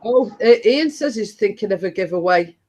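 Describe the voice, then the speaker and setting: A woman's voice: mid-range voice, lively intonation, moderate pace, darkish tone. A woman hosting a casual livestream chat from her home computer desk, rambling with restarts. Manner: chatty, rambling with frequent restarts and laughs. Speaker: livestream host.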